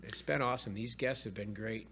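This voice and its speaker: This New man co-hosts a casual studio podcast with a friend. His voice is bright and forward, and he talks in an upbeat way, often restarting and repeating his phrases. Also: lowish voice, steady tone, fairly quick, a little hiss or hum. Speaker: podcast co-host. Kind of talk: casual chat. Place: recording studio.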